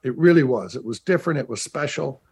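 A man's voice: mid-range voice, lively intonation, fast, darkish tone, husky. A middle-aged man, a former pro football player turned broadcaster, telling stories in a remote interview with chatty restarts and emphatic repetition. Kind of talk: remote interview, anecdotal storytelling. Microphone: video call.

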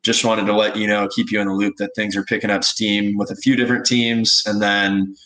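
A young man from Texas, a guest telling stories in a relaxed, casual interview, with many fillers. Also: lowish voice, a little fast, poor audio. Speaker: guest, baseball pitcher.

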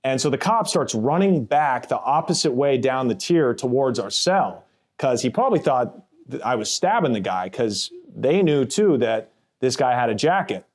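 Man, blunt plainspoken storyteller, casual and cursing, mid-pitched voice. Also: sing-song, normal speed. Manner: acts out others' voices in quotes. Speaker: former prisoner telling his story. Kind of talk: first-person storytelling podcast.

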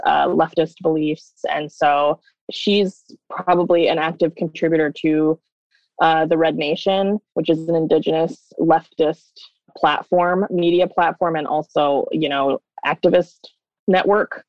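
A woman's voice: low-pitched, fairly even intonation, unhurried, no echo. A woman guest talking casually and rambling a little, with plenty of fillers, in an interview. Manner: chatty, rambling, with many fillers. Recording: dull, dry remote recording.

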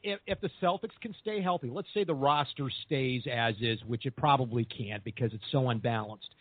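A man hosting a sports podcast, chatting with upbeat, animated optimism. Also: mid-range voice, fairly quick, breathy edge, no echo. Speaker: podcast host. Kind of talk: casual sports chat. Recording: tinny phone-like sound.

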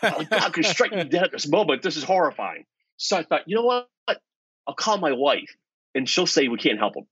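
A man being interviewed as an author, telling a story with lively swings between hushed asides and excited emphasis. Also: fairly high pitch, fairly quick, breathy edge, no room sound, lo-fi sound. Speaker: author and guest. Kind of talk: animated storytelling.

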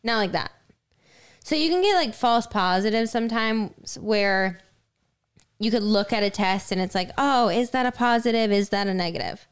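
On a podcast she co-hosts, a young woman shares a personal story in relaxed chat heavy with fillers. Her voice is mid-range, clear and resonant, and she keeps a moderate pace.

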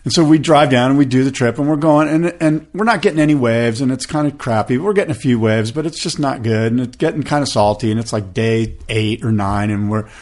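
A man in his fifties spins a long anecdote on a podcast, casual and loose. He acts out the other people's voices as he goes and leans on fillers like "like" and "you know." His pitch sits in the middle of the male range. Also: a little fast, hardly any pauses. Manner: animated, acts out quoted voices, many fillers. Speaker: podcast host. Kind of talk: casual storytelling chat.

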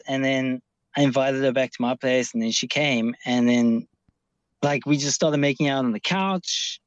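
A man's voice: medium pitch, no room sound, lo-fi sound. Rambling, swearing male caller. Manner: rambling, heavy swearing, many restarts. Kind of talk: casual storytelling.

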